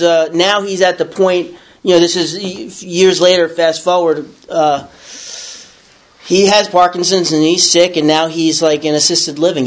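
A middle-aged man recounts a personal story in casual, unpolished speech. He rambles, stumbles and corrects himself as he goes. His voice sits a little higher than most men's. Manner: rambling, with many restarts and self-corrections. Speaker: storyteller sharing a recovery story.

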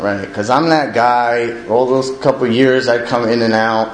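A man with a medium-pitched, fairly even voice speaks at a moderate pace, candidly telling his own recovery story to a meeting. He's conversational and self-mocking, often asking the room "right?", in an echoey space with faint ambience.

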